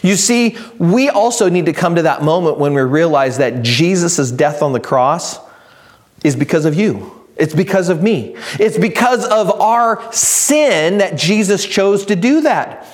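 Earnest preaching man, slightly high voice. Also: animated. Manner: earnest, builds to raised emphatic delivery; reads scripture slowly and deliberately. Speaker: pastor. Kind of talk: sermon.

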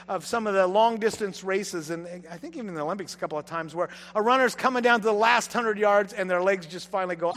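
A man preaching a sermon to a congregation, leading them in call-and-response and swinging from loud exhortation to hushed, soft-spoken passages. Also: sits high. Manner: dynamic, swings from shouting to hushed tones. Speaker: pastor. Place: church hall. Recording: long hall reverb, faint hum.

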